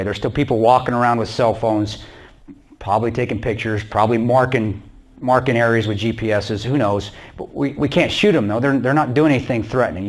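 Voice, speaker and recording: A man giving a blunt, intense personal war story to a church audience. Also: mid-range voice. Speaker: guest speaker.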